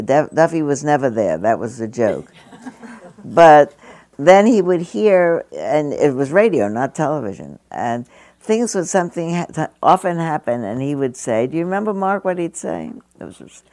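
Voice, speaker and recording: A woman's voice: low voice, sing-song, moderate pace, a little mellow, no room sound. A woman over seventy giving a meditation teacher's dharma talk to an audience, conversational and storytelling, with frequent chuckles. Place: meditation hall.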